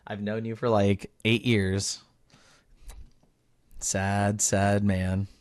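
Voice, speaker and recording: A man's voice: on the low side, level tone, drawn-out words. A male game streamer chatting casually while playing, thanking viewers and teasing his friends. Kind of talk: casual live-stream chat while gaming.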